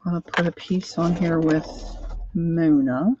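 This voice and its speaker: A woman's voice: deep voice, steady tone, takes it slowly, warm tone, slightly rough, lo-fi sound. A woman hosting a craft livestream who rambles and thinks aloud as she works, often trailing off mid-sentence. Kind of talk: casual crafting tutorial.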